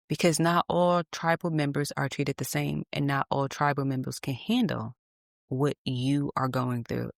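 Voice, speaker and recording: A woman's voice: extremely low pitch, gravelly, no echo, clean studio sound. A woman hosting a reflective solo podcast, talking candidly and emphatically with salty asides. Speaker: podcast host.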